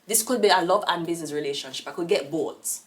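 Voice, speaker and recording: A woman's voice: on the low side, fast talker, distant mic. A Jamaican woman giving a casual tarot reading, rambling and blunt, with profane outbursts. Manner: rambling, blunt and profane, with sudden loud rants. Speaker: tarot reader.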